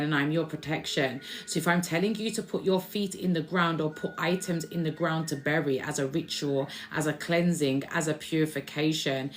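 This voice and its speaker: A woman voicing a gentle female ancestor spirit guide who coaxes and reassures the listener, calling them babes. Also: sits low, slight background noise, natural voice.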